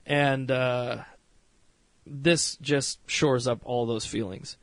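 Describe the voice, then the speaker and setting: A man hosting a casual podcast review, rambling through scenes with plenty of fillers and swearing, and now and then putting on quick voices. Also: medium pitch, fairly bright tone, no room sound. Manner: retells scenes with mock voices. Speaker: podcast host reviewing a series.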